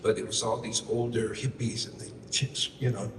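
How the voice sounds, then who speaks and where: On stage between songs at a live concert venue, a man spins a loose, wry, profane story packed with asides. His voice is medium-pitched and level at a moderate pace. It's captured from far off in a roomy hall, with guitar and background noise behind him.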